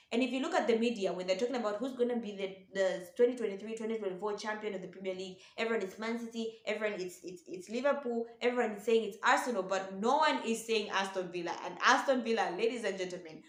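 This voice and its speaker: A woman football pundit hosts casual commentary to camera, sharing opinionated predictions in a relaxed, chatty way and repeatedly addressing her audience as ladies and gentlemen. Her voice is mid-pitched for a woman and carries a roomy echo.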